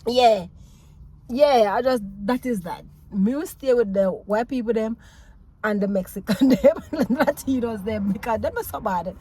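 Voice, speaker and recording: Animated Jamaican woman vlogger. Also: fairly high pitch, moderate pace, husky. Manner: animated, laughing, mixes patois and English. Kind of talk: casual storytelling to camera.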